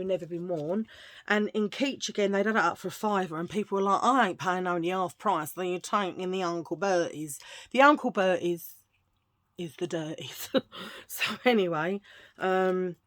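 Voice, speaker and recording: A woman chatting casually through a thrift-shop haul at home, gushing and rambling with restarts. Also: mid-range voice. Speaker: vlogger showing a thrift haul.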